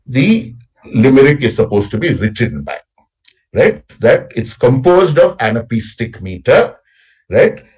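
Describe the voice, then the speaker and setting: Husky man with animated lecturing voice. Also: medium pitch, low-quality recording. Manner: explanatory, frequent tag "right?", recites lines with exaggerated stress. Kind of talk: academic lecture on poetic meter. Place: college workshop session.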